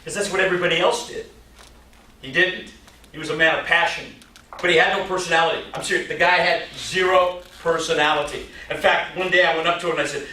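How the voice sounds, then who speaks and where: Bright-voiced older man speaking in an echoey hall. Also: on the high side, quick pace. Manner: animated, quizzes audience with rhetorical questions, jokey. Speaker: motivational speaker. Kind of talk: stage keynote storytelling. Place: large hall with live audience. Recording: echoey hall, mic at a distance, faint noise.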